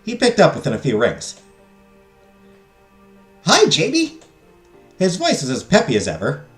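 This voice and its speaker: A man's voice: mid-range voice, wildly swooping pitch, quick pace, soft background music. A man streaming a visual novel, reading the story text aloud and dropping crude joking asides. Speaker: game streamer. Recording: echoey room.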